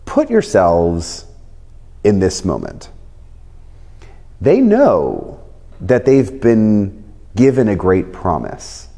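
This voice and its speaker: A man's voice: on the low side, huge pitch swings, very slow, pauses often, warm tone. A man teaching a Bible passage in a conversational way, explaining it through everyday examples. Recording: long hall reverb.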